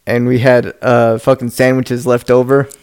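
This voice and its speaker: A man's voice: mid-range voice, little pitch movement, normal speed, darkish tone, clear, resonant tone. A man chatting casually with a friend, laid-back, swearing a lot and laughing often. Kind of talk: casual chat.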